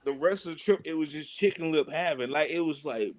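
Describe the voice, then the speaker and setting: A man's voice: on the high side, fairly quick, a little hiss or hum. A man, a wrestler and podcast guest, telling stories in a loose, slangy way and mimicking the people in them. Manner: animated, imitates people in his stories; loose, slangy, many fillers. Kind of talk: casual storytelling.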